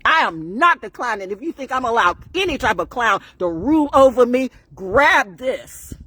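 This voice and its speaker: A woman riffing on a live stream, her husky voice swinging widely in pitch as she preaches and jokes. The sound is dry and close, with no room around it. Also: a little fast, no room sound. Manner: animated, preachy, riffing with laughs and bursts of song. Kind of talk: rambling live-stream monologue.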